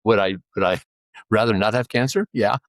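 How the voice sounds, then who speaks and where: Man, podcast guest, low voice, reflective, determined, lots of "you know", dry recording. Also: a little fast, no room sound. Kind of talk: casual interview conversation.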